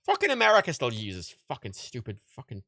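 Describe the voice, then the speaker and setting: Young man, livestream host, tired, rambling and sweary, bright tone, dry close sound. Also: medium pitch, huge pitch swings, fairly quick, dry recording. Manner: rambling, sweary, laughs at himself. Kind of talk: casual livestream chat.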